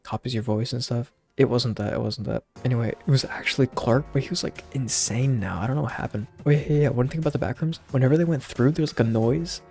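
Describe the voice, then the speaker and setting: A man's voice: medium pitch, quick pace, gravelly, hardly any pauses, a little mellow, soft background music. A young man casually recapping a movie, rambling with lots of slang and fillers. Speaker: channel host.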